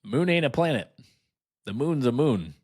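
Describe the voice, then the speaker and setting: A man's voice: medium pitch, very animated, normal speed, husky. A man hosting a podcast, reading items aloud and riffing on them with mocking, sarcastic asides. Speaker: podcast host. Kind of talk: casual sarcastic commentary.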